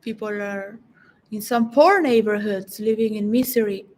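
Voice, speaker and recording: A woman's voice: mid-range voice, moderate pace, darkish tone, low-quality recording. A woman giving a reflective, philosophical solo monologue that rambles and halts, with frequent restarts. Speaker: vlogger.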